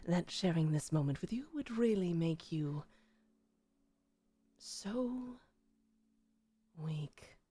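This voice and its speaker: A woman voicing a suave, mocking male vampire in a low, hushed, half-whispered voice, as an improvised character on a stream. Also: expressive, slow pace, pauses often, breathy edge, heavily acted. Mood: taunting.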